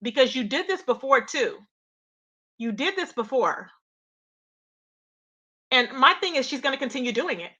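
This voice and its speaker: Chatty, high-voiced woman streamer. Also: sing-song, moderate pace, long pauses, pushed and bright. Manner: chatty, opinionated, addresses viewers as y'all. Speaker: commentary livestream host. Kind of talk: casual drama commentary talk.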